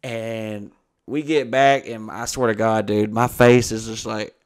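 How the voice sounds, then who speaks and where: A man's voice: fairly low pitch, fairly even intonation, unhurried, clean tone. A young adult man hosting a podcast, telling rambling, profane anecdotes in casual chat and acting out the dialogue. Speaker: podcast host.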